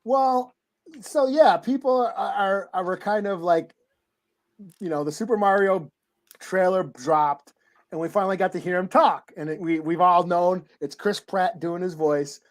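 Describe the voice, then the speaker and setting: A man's voice: high-pitched, a little slow. A man co-hosting a comic book podcast, telling stories in a laid-back way and laughing often. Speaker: podcast co-host. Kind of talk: casual chat.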